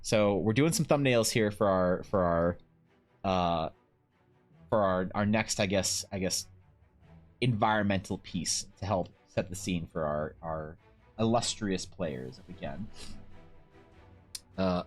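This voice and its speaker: A young man chatting casually on a live stream while he paints, telling stories in a rambling, animated way with lots of restarts. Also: low-pitched, moderate pace, soft background music. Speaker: Twitch streamer and artist.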